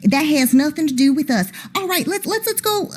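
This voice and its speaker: A woman's voice: sits high, animated, a little fast, voice pushed up. A woman putting on a brash fake Southern drawl. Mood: indignant. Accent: put-on American Southern. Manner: pushy, stammering bluster.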